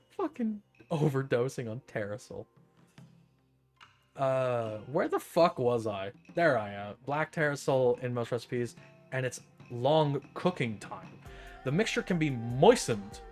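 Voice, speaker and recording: A young man streaming, reading an article aloud and riffing on it in a profane, incredulous, joking way. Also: mid-range voice. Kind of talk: casual reading and commentary.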